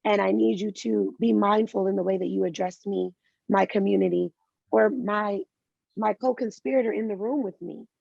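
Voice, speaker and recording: A woman with a gravelly, creaky edge speaks candidly in an interview and slips into lively impressions of the people she quotes. The sound is dry and close, with a slightly muffled, dull tone like remote call audio. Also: mid-range voice, normal speed, dry recording. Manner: candid storytelling, animated quoting of others. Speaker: guest. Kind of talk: interview conversation.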